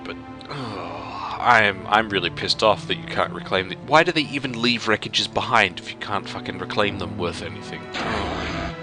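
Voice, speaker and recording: A man commentating a strategy game he is playing, breaking from calm explanation into exasperated, swearing outbursts. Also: on the low side, moderate pace. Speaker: let's play commentator. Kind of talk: gameplay commentary. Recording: game music behind voice.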